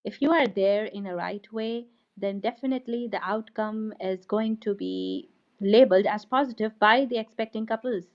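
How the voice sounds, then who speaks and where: A woman guest in an online interview, speaking earnestly with halting fillers. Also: on the high side. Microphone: video call. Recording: dull video call audio.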